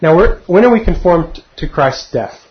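Fairly high in pitch and animated at a moderate pace, a middle-aged man leads a verse-by-verse study of a Bible passage. The recording is dull and lo-fi, and he keeps things conversational by often questioning his listeners.

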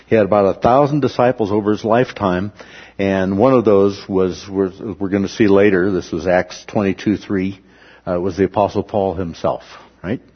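A man's voice: sits low, steady tone, moderate pace, breathy edge, highs cut off. A man teaching a Bible study class, explaining at length and checking in with the group with a frequent "okay?".

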